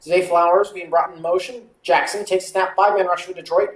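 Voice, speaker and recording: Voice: medium pitch, steady tone, brisk. Roomy amateur play-by-play streamer. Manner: stretches out calls, wanders into casual asides. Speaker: watchalong streamer doing play-by-play. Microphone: streaming mic that peaks on loud calls.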